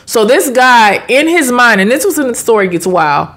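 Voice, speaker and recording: A woman from the United States telling a personal story in a casual storytime vlog, slangy and animated, with sudden high exclamations. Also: normal speed.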